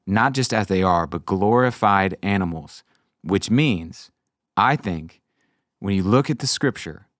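A man hosting a casual faith podcast, animatedly telling stories and acting out quotes in high voices. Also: no echo, clean studio sound. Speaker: podcast host. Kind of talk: casual chat about faith.

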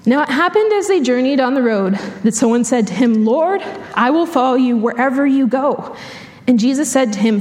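Animated woman preaching in a reverberant hall. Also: fairly high pitch. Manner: animated storytelling with frequent laughs. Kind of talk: sermon. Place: church hall.

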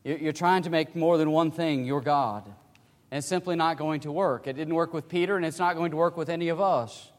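Male preacher, high voice, dynamic delivery from quiet to shouting, big reverberant hall. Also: brisk. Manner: swings from hushed to loud emphatic cries. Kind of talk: sermon.

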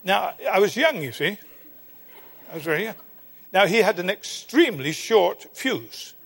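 An older man preaching, telling a personal story in an earnest sermon style that sinks to a hushed tone at tense moments. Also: sits high, very animated, measured pace, gravelly, breathy edge. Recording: long hall reverb.

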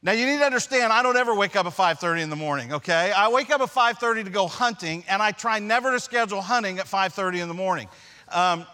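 A middle-aged man preaching a sermon, telling a personal story with animated, self-deprecating humor. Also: high-pitched, quick pace, smooth. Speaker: pastor.

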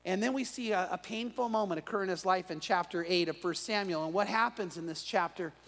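A man preaching an evening sermon as pastor, telling stories in an animated way with frequent restarts. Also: high voice, a little fast. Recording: long reverb of a large room.

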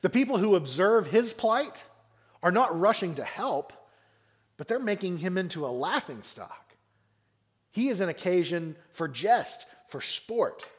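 A man's voice: sits high, sing-song, a little slow. A man preaching a sermon on a psalm, speaking expressively and acting out the mockers and the psalmist in raised voices. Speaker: pastor.

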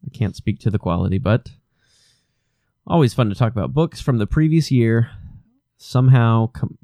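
A man co-hosting a casual podcast, making dry wordplay jokes in a deadpan way. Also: mid-range voice, moderate pace, dry recording. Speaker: podcast co-host. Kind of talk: casual chat.

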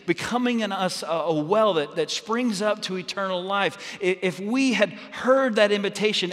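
A man's voice: high-pitched, a bit bright. Pastor man preaching in a reverberant hall. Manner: storytelling, many restarts and fillers. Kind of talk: sermon.

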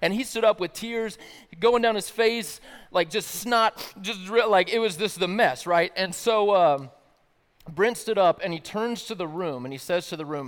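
A man's voice: high-pitched, normal speed, long reverb tail. A man from the American South giving a casual, slangy personal testimony as a worship-night speaker. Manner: casual, youthful slang, laughs often. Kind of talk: sermon-style personal testimony.

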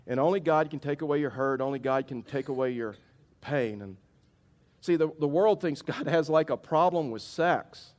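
Middle-aged male pastor, sermon delivery, slightly high voice, storytelling from the pulpit. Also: moderate pace. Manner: storytelling, animated when telling the funny part, somber when preaching.

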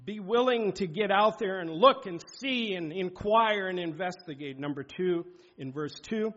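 A man's voice: sits high, moderate pace, a bit bright. Emphatic man preaching a sermon. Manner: emphatic, exhorting, reads scripture aloud. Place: church sanctuary. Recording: dull lo-fi sound.

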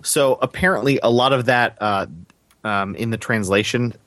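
A man's voice: medium pitch, normal speed, a bit bright, dry recording. A man co-hosting a casual podcast chat, thoughtful and corrective, hedging with fillers. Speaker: podcast co-host.

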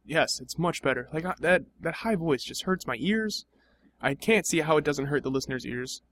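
A man's voice: fairly high pitch, animated, normal speed, a bit bright, slight background noise. A young man in improvised comedy banter, dry, skeptical and argumentative.

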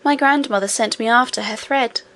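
Storybook girl princess, earnest and insistent, pitched high, read by a woman. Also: moderate pace, a bit bright.

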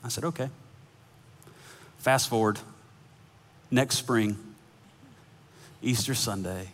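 Male pastor, mid-range voice, animated sermon storyteller, church sanctuary with lingering echo. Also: medium pitch, slow pace, slight background noise. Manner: animated storyteller, acts out dialogue with laughs. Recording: long hall reverb.

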